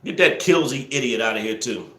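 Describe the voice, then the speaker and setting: A man hosting a live stream, teasing viewers and scolding trolls in the chat, sometimes yelling excitedly. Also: mid-range voice, a little fast, reverberant. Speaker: livestream host. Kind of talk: casual live-stream commentary, talking to the chat.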